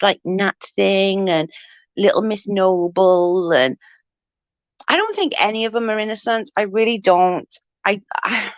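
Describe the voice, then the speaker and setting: A medium-pitched woman in her forties keeps up casual live chat with viewers from her home, rambling, laughing a lot and cursing freely. The recording is dry, with a dull lo-fi quality.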